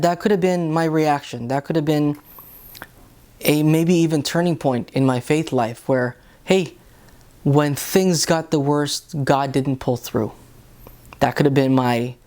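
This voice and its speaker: A man's voice: a little high, a little mellow. A man giving an earnest, casual Bible reflection, speaking conversationally and often restarting his sentences. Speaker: lay reflection host.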